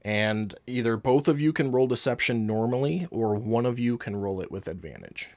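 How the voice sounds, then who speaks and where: A man narrating as game master in a relaxed, casual way, with filler words. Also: mid-range voice, normal speed, no echo.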